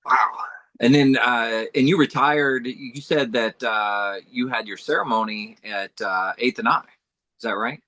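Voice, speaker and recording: A man's voice: medium pitch, unhurried, sharp tone. A man interviewing a veteran, mostly giving short affirmations and follow-up questions. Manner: brief affirming responses. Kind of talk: casual interview.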